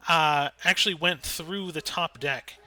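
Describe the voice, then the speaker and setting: Game master, laid-back, chuckling, bright clear tone. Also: medium pitch, measured pace. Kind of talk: narrating a tabletop game.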